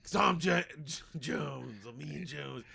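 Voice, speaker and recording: A man's voice: a little high, takes it slowly, creaky, a crowd in the background. A man co-hosting a podcast, swearing and laughing in disbelief as he picks apart a movie. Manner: profane, incredulous, laughing. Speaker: podcast co-host. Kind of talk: casual movie-riffing chat.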